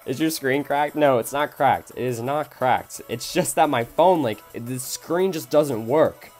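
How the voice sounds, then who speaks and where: A young man live-streaming a mobile game, cursing at his phone and talking back to chat as he plays. His voice sits at an ordinary middle pitch for a man, with music playing faintly underneath. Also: unhurried, darkish tone. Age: young adult. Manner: frustrated, swearing, reading chat aloud. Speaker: gaming streamer.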